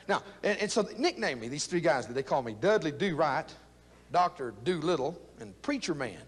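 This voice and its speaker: An older man, giving a folksy, joking motivational speech to young people about loyalty and his war years. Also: sits high. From South Texas. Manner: folksy, jokey, fired-up preaching. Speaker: speaker telling his war story. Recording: long echo of a big hall.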